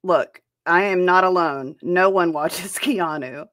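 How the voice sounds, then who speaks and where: A woman's voice: fairly low pitch, takes it slowly, a bit bright, no echo, clean studio sound. A woman hosting a reaction commentary show, talking in a blunt and profane way. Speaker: host.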